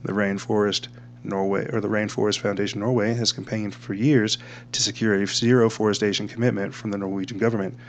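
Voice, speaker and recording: A rambling male host with a somewhat low voice talks casually and often trips over his own words. A faint electrical hum sits under the recording. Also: level tone, brisk. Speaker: podcast host. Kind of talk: casual commentary reading from screen.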